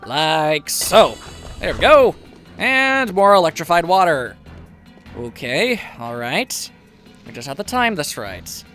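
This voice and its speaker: A man talks through a video game as he plays, wry and chatty, poking fun at his own mistakes. His voice sits high and bounces around a lot, with a bright, forceful edge. Faint game music plays beneath him. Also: sing-song, slow pace. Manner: chatty, wry, self-mocking asides. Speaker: gameplay commentator. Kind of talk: casual let's play commentary.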